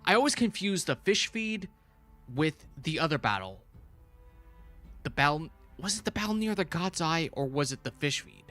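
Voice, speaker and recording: A man hosting a casual livestream review, rambling excitedly and correcting himself as he goes. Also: a little high, normal speed, faint music behind. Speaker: channel host reviewing a TV show.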